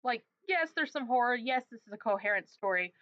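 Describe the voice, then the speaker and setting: A woman's voice: a little high, animated, a little fast, dry recording. A woman hosting a casual chat, speaking in a laid-back, playful way with frequent fillers. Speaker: podcast host. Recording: dull, slightly muffled sound.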